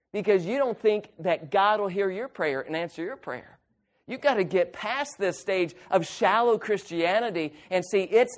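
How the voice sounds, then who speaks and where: A young man preaching a sermon to a youth group, emphatic and acting out little quoted voices. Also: high-pitched. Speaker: youth pastor.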